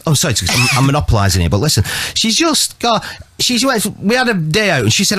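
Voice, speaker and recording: A man's voice: on the high side, huge pitch swings, fast talker, noisy background. A middle-aged man telling rambling comic anecdotes, chatty and self-mocking. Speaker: comedian.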